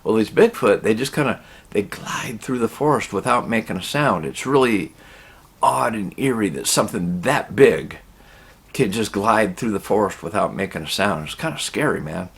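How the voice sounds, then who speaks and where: Low, gravelly man spinning a yarn, folksy and rambling. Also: expressive. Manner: folksy, rambling, drawn-out telling. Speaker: storyteller. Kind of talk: casual spoken storytelling.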